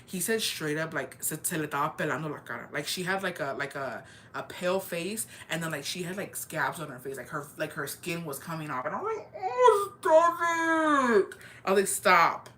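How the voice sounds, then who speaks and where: A young woman casually telling a scary story, animated and slangy, swearing and slipping into Spanish now and then. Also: deep voice, fast, few pauses. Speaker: storyteller vlogger.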